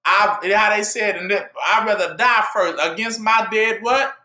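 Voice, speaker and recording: A man preaching a call-and-response sermon, asking "what?" for the listeners to fill in and rising to shouts at his peaks. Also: high voice, moderate pace, roomy sound. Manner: asks "what?" for the audience to fill in.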